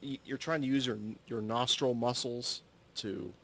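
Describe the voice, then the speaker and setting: Man, solo host, casual storytelling, mid-pitched, rambling, self-correcting, swears now and then. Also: fairly even intonation, unhurried, fairly bright tone. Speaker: solo podcaster. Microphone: audio-only recording, no camera.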